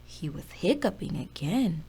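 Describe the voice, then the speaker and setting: A woman reading a children's picture book aloud as storyteller, expressive and sing-song. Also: fairly low pitch, a little slow, breathy edge.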